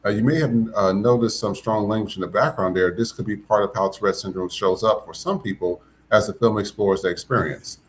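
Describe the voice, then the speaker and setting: A man's voice: on the low side, fairly quick, hardly any pauses, slight background noise. A man hosting a podcast, giving blunt, profane, emphatic commentary. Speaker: podcast host. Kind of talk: casual commentary.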